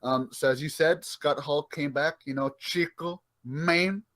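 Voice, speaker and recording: A man's voice: fairly high pitch, unhurried, fairly bright tone. A young man co-hosting a podcast, chatting casually, laughing and swearing as he quotes wrestlers. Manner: laughing, profane, playfully quoting wrestlers. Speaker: podcast co-host. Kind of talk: casual chat.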